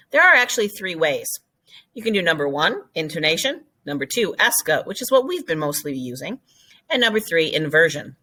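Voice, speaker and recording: A woman's voice: lowish voice, sharp tone. A woman teaching a recorded French lesson, explaining step by step and switching between French phrases and English.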